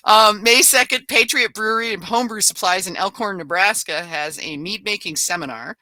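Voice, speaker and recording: A woman podcast host runs through a calendar of events in a relaxed, chatty way and drops in quick asides. Her voice is bright and forceful, with an even, middle pitch. The sound is dry and close, with no room echo. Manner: reads a list briskly with asides and small laughs. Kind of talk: casual event-listing readout.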